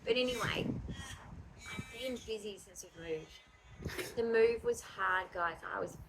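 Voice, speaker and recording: An Australian woman chats casually and reflectively, often trailing off mid-thought. A steady hiss runs under the recording. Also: medium pitch, measured pace. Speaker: vlogger. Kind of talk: casual chat. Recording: noisy home recording.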